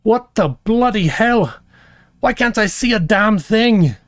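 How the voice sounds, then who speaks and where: A man voicing a gruff, foul-mouthed female dwarf warrior with a thick, strange accent. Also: high voice, animated, slow, fairly bright tone, no room sound, studio quality, voice pushed up, full character voice. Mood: alarmed, cursing.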